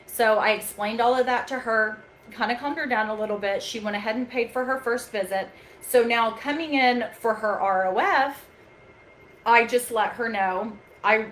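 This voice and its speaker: A woman calmly telling a staff-training story from a chiropractic front desk, patient and talkative. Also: on the high side, a little hiss or hum, low-quality recording. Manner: calm, patient, storytelling with quoted dialogue. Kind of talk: casual staff training talk.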